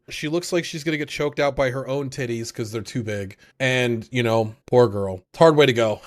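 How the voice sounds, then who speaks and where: A man co-hosting an anime podcast, recapping episodes in a casual, animated way, swearing often and acting out the characters' lines. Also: medium pitch, clean tone. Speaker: podcast co-host.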